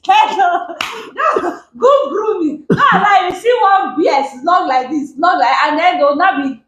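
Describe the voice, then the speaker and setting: A Nigerian woman gives relationship advice in a high, lively voice that swoops up and down as she hammers each point home. She repeats herself for emphasis, and the room around her is echoey. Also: measured pace, few pauses, a little hiss or hum. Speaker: relationship guest. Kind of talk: advice talk show chat. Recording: roomy echo.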